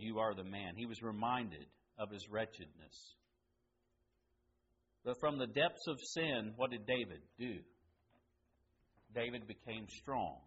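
A man's voice: medium pitch, muffled recording. Man, preacher, sermon, rhetorical questions, faint room hum. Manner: rhetorical questions, swings between loud emphasis and hushed lines.

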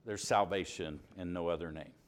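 A man with a Southern US accent preaching a sermon, stressing key words by rising, dropping and slowing down. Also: low-pitched, fairly even intonation. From Alabama, US. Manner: emphatic, rises and drops for stress, slows on key words.

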